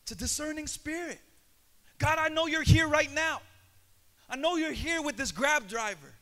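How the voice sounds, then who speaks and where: A young adult male pastor with a Filipino accent, preaching a passionate sermon that builds to shouts and slips into Tagalog. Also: extremely high pitch, normal speed.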